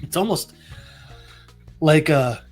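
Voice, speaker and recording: A man voicing a confused burned man with lost memory who speaks in halting bits. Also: fairly high pitch, lively intonation, faint music behind. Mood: unsure. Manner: unsure, halting.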